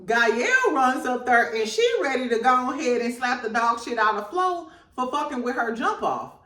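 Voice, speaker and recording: A woman's voice: sing-song, moderate pace, a bit bright, echoey room, far from the mic. A woman hosting a reality TV recap in casual chat, laughing often and talking in slang and gossip. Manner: laughs a lot, gossipy, slangy, mimics people in high voices.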